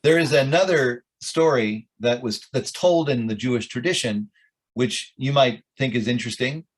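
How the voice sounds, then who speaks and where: A man's voice: mid-range voice, normal speed. A middle-aged rabbi telling stories with jokes and asides to his audience at a club meeting. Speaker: rabbi, guest speaker. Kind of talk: informal talk at a club meeting.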